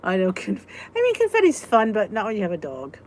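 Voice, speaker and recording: A woman's voice: mid-range voice, wildly swooping pitch, a little mellow, slight background noise. A woman hosting a live weight-loss support chat, talking casually, reading out viewers' comments and venting with a laugh. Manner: chatty, exclaiming, quick to vent and laugh.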